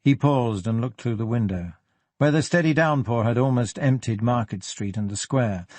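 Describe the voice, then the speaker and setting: A man's voice: medium pitch, moderate pace, a little mellow, dry recording. Man reading an audiobook, dry and close. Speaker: audiobook narrator. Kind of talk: scripted audiobook narration.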